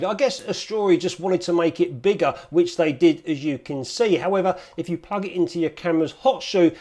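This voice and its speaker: A man's voice: on the high side, no echo. A man chatting casually and upbeat to camera as a film photography vlogger.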